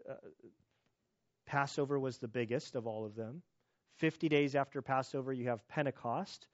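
A man's voice: mid-range voice, steady tone, normal speed, no room sound, lo-fi sound. Conversational male pastor preaching. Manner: conversational, with many restarts and asides. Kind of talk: sermon.

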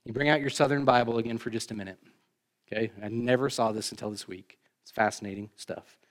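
A man preaching a sermon as pastor, talking in a conversational way with joking asides to the congregation, rising for emphasis and then dropping low. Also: steady tone, fast.

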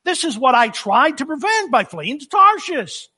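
A preacher putting on a whiny, self-pitying prophet. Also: male voice, extremely high pitch, sing-song, moderate pace, bright, forceful tone, pitched above the performer's own voice, heavily acted. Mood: complaining. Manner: whiny, sarcastic.

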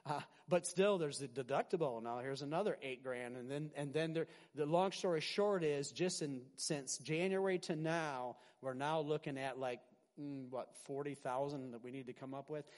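A middle-aged man preaching a sermon as pastor, animated, swinging from loud emphasis to quiet asides and often restarting his words. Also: fairly high pitch, moderate pace. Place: large hall with a congregation. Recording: long hall reverb.

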